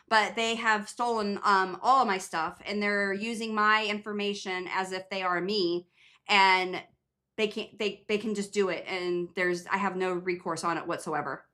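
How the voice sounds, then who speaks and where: A woman's voice: mid-range voice, bright, forceful tone. A woman nurse practitioner, hosting a casual live Q&A, chatting in a rambling way with many fillers and restarts. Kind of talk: casual livestream chat.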